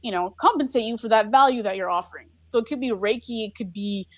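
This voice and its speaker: A woman in a casual podcast conversation, talking earnestly and reflectively with plenty of filler likes. Her voice sits a little high, and the sound is dry and close, with no room around it. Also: fast, no echo. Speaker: podcast guest. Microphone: recorded over a live video call.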